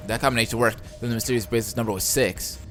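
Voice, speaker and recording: Let's play host, male, excitable, reads game text, game music bed. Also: medium pitch, very fast. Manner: excitable, reacting loudly. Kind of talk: gameplay commentary and text reading.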